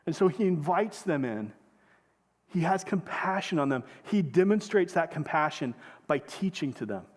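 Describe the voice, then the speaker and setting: High-voiced man preaching in a reverberant hall. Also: animated, moderate pace. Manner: conversational preaching, asks the congregation questions. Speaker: pastor. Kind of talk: sermon. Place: church sanctuary.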